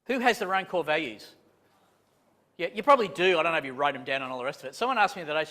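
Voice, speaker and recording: Male trainer, fairly high voice, chatty and self-deprecating, long hall reverb. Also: very fast. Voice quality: chatty, animated, self-deprecating jokes, many restarts. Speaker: property management trainer. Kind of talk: live training talk to a room. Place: conference room with a live audience.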